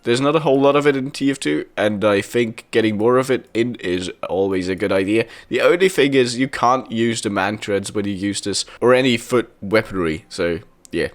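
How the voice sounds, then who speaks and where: A man's voice: fairly low pitch, moderate pace, few pauses. A young man casually commenting on video game items, chatty and enthusiastic, often laughing.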